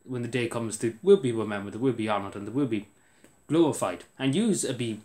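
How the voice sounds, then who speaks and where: A man's voice: medium pitch, fairly quick, dark tone. An Irish man delivering an indignant political rant to camera, repeating himself for emphasis. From Ireland.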